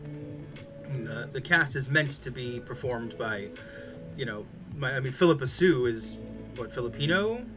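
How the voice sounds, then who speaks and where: A man's voice: medium pitch, animated, a little slow. A man chatting casually on a stream, rambling with many fillers and restarts. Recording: music playing behind.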